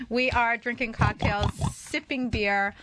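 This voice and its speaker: A woman's voice: fairly high pitch, steady tone, a little slow, background noise. A woman co-hosting a radio food show, chatty and laughing, asking questions between bites. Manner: chatty, laughs often, talks with food in mouth. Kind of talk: casual radio chat.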